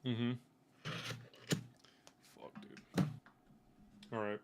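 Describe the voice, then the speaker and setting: A man's voice: mid-range voice, little pitch movement, very slow, noisy background. A young man in casual chat, coaching a coworker on sales, swearing freely and making his points bluntly. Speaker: sales rep.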